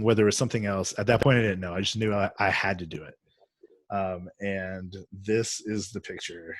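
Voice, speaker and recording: A man hosts a casual podcast chat over a video call, rambling through a story with many fillers and restarts. His voice is fairly low in pitch, with no room sound.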